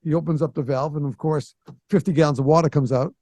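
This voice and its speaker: A man in his sixties hosting a podcast, telling a story in a lively way and acting out the voices of the people in it. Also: fairly high pitch, fast talker, no room sound. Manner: animated storyteller who acts out quoted voices. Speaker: podcast host. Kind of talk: casual storytelling.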